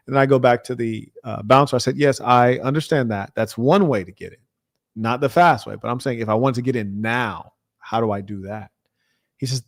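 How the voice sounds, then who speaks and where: A man hosting a livestream, American and medium-pitched with a creaky voice, spins a mocking story-rant and performs the dialogue himself. The audio is clean studio sound without echo.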